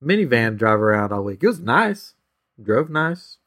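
A man's voice: medium pitch, very animated, normal speed, fairly bright tone. Rambling, easygoing podcast host, a man. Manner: rambling storytelling, full of "like" and restarts. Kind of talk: casual chat.

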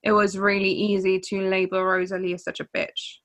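A woman co-hosting a podcast, chatting in a relaxed, rambling way and laughing often. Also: medium pitch, brisk. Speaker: podcast co-host. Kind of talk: casual book discussion.

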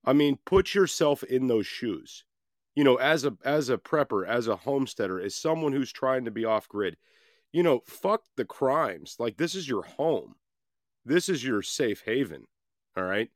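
A man's voice: mid-range voice, no echo, clean studio sound. A man hosting a podcast, telling a story in a casual, conversational way with frequent restarts and some swearing. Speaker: podcast host.

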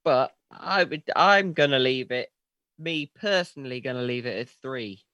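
A man's voice: medium pitch, expressive, a little slow, bright, forceful tone, no echo, muffled recording. A man co-hosting a casual film review podcast, easygoing and agreeable, with a jokey streak. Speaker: podcast co-host.

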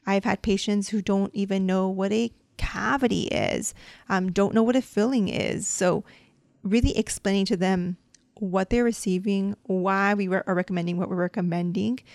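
A woman's voice: mid-range voice, steady tone, moderate pace, vocal fry, a little mellow, no echo. A woman hosting a podcast as a dental hygienist, giving a casual lesson in a chatty, explanatory way and coaching her listeners.

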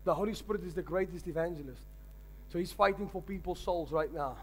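A man with a husky voice that sits high speaks briskly, preaching a sermon full of stories with emphatic delivery. He's in a large church hall, with long reverb and faint music in the background.

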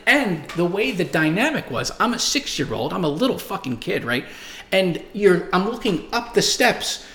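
A man's voice: high-pitched, sing-song, moderate pace, creaky, sharp tone, reverberant. A man in his forties hosting a show, telling stories and reading viewer comments in a rambling, profane, emphatic way. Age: 40s. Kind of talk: casual monologue.

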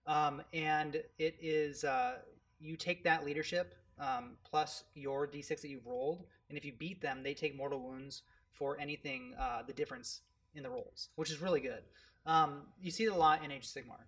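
A man co-hosting a casual podcast, explaining tabletop game rules in quick, filler-heavy talk with many ums. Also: a little high, steady tone, fairly bright tone. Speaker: podcast co-host. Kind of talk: casual chat about tabletop wargaming.

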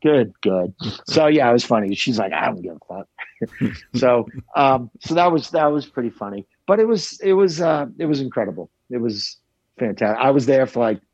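A man's voice: mid-range voice, animated, normal speed, darkish tone, dry recording, dull audio. A man chatting casually about a trip, rambling and swearing with many restarts. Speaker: traveler recounting a trip. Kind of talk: casual chat.

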